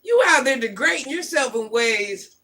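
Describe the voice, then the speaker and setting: Middle-aged woman stream host, bright forceful voice, preachy blunt rant. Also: high voice, expressive, moderate pace. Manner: blunt, preachy, repeats her points. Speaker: livestream host. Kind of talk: ranting commentary to viewers.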